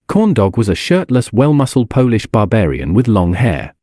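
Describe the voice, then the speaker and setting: A man narrating a fantasy audiobook in a wry, expressive storytelling manner. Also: on the low side, moderate pace, no echo, clean studio sound.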